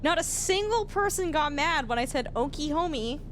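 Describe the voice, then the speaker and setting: A woman's voice: high voice, expressive, normal speed, fairly bright tone, slight background noise. Chatty Canadian woman streamer. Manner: chatty, laughing, questioning her own pronunciation. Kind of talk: casual livestream chat while gaming.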